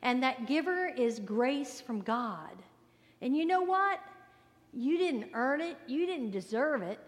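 A woman pastor giving a sermon, earnest and emphatic, sometimes dropping to a soft near-whisper. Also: sits high, lively intonation, slow pace. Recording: long reverb of a large hall.

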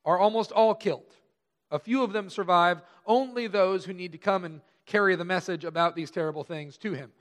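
Man, pastor, sermon, high voice, conversational, slow stressed words. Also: a bit bright.

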